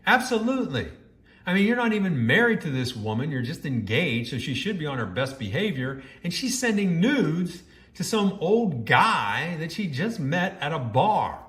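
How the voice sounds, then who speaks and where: A man's voice: a little high, sing-song, normal speed, few pauses, fairly bright tone, reverberant. A man reading a first-person story aloud and breaking off into judgmental, scolding commentary.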